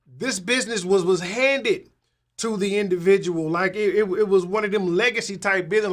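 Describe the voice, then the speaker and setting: A tax professional with a high voice speaks at a normal speed, chatting casually to his audience. He rambles, restarts often, and keeps asking "right?", growing animated whenever he retells a conversation.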